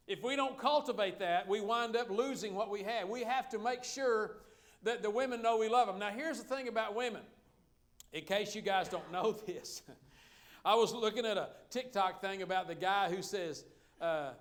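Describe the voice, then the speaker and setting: A man's voice: sits high, moderate pace, a bit bright. A middle-aged man preaching a sermon as pastor, folksy and joking with the congregation.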